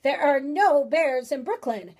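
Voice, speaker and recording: A woman voicing a bossy, no-nonsense grandmother in a storybook, firm and brisk. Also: sits high, lively intonation. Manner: firm and brisk, then warmly delighted.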